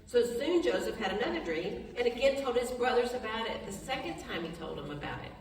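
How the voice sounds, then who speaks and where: This Bible study leader has a fairly high voice with big swings in pitch, recorded at a distance in an echoing hall with slight background noise. She reads scripture, stops to explain it plainly and chattily, restarts sentences, laughs briefly, and goes soft and slow for prayer.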